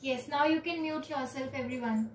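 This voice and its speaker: A woman, teaching children yoga on a video call with slow, clear instructions and counting. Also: high voice, slight background noise. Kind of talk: online yoga class for children. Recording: roomy, distant from the mic.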